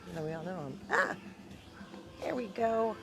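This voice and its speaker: A woman's voice: medium pitch, animated, moderate pace, creaky, over loud music. A woman hosting a casual live stream, teasing her guest and swearing freely.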